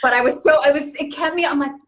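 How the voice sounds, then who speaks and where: A woman actor chatting casually on a live stream, telling animated stories and laughing at herself. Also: sits high, quick pace. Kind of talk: casual chat. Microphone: webcam on a live stream.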